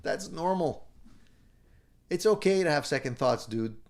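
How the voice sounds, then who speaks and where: A man's voice: a little high, expressive, measured pace, creaky, darkish tone. Upbeat middle-aged man hosting a live stream. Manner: upbeat, encouraging, chuckles often. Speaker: live show host. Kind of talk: casual live-stream chat reading viewer comments.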